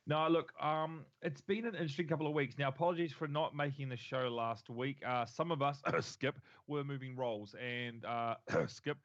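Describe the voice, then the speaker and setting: A man's voice: mid-range voice, brisk, hardly any pauses, muffled recording. A man from the United States hosting a casual tech podcast, upbeat and joking with his co-host. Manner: upbeat, joking, friendly banter.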